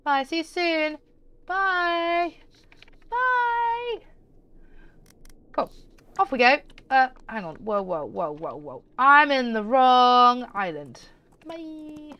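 A woman giving chatty, excitable let's-play commentary as a gaming YouTuber, often giggling. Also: fairly high pitch.

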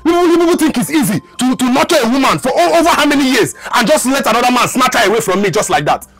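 A man's voice: very high-pitched, lively intonation, quick pace, a bit bright, faint music behind, heavily acted. An actor with a Nigerian accent playing a proud young hunter who has been spurned in love. He repeats himself as his voice rises in protest. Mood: indignant. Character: proud young male hunter, jilted and indignant.

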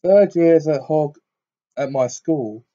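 A man's voice: fairly high pitch, slow, warm tone, dull audio, voice pushed up. A man voicing a coldly defiant teenage boy. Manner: bitter, cold, grimly defiant. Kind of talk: audiobook character reading.

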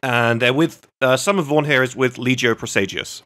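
Man, podcast host, bright voice, casual chat, swears freely, tells anecdotes. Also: medium pitch, moderate pace.

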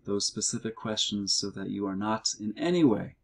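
A middle-aged man teaching Greek in a recorded homework walkthrough, explaining slowly and carefully with the odd um and uh. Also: lowish voice, animated, creaky. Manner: slow, measured explaining with fillers.

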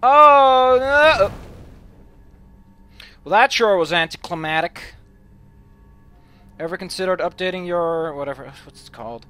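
A man's voice: fairly high pitch, normal speed, long pauses, fairly bright tone. A man from the Netherlands, rambling and swearing goofily as he comments on his gameplay. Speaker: let's play host.

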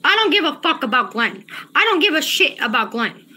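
Woman livestreamer, agitated and cussing, high and lively pitch, repeats lines. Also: fairly quick. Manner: agitated, profane, repeats herself. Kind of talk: casual livestream chat, reading chat.

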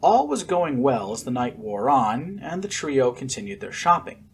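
A man narrating a fan-fiction story as an expressive audiobook reader. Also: mid-range voice, moderate pace, a little hiss or hum.

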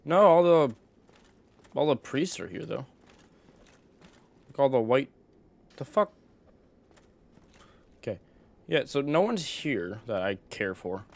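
A man's voice: mid-range voice, expressive, measured pace, creaky, long pauses, a little mellow. A man giving casual let's-play commentary, rambling and swearing as he talks to himself. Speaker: gameplay streamer.

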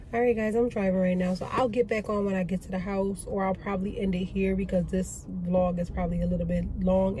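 A woman's voice: on the low side, dark tone. A woman vlogging from her car, venting angrily about a breakdown and later chatting with relief to her viewers. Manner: frustrated, venting, swearing. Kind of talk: casual vlog rant to camera. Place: in a car by the roadside, then driving. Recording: faint car and street noise.

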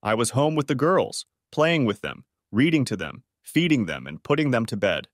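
Audiobook part: a narrator doing a hard, icy husband laying out terms, animated, dry. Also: male voice, medium pitch, moderate pace, no room sound. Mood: bitter. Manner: cold and firm. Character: cold, resolute wronged husband.

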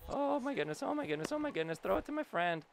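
A young man giving casual, excitable commentary while playing a video game, talking to himself and his player. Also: high-pitched, quick pace, vocal fry, slight background noise. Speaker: gaming YouTuber.

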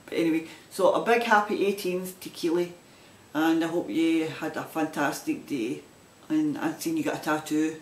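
Barely pausing, a Scottish man with a broad Glaswegian accent rambles chattily through his casual knitting vlog, restarting sentences as he goes. His voice is a little high, fairly even in intonation and moderately paced, and the recording has a roomy echo.

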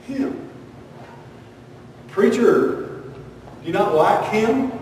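A man preaching a sermon as pastor, emphatic, firing rhetorical questions, swinging between loud bursts and quiet asides. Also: on the high side, slight background noise. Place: church sanctuary. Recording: echoey hall recorded from far off.

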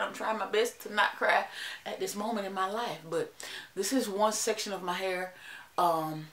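A woman's voice: mid-range voice, fairly even intonation, normal speed, fairly bright tone, roomy sound. Chatty Southern woman vlogging. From Alabama. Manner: chatty, dramatic, talks straight to her viewers. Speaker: hair vlogger. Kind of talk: casual vlog chat.

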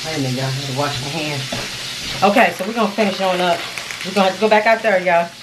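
Woman, deep voice, chatty home-cooking vlogger, noisy kitchen sizzle behind. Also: quick pace. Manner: excitable, calls viewers honey and y'all. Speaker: family vlogger. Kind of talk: casual cooking vlog.

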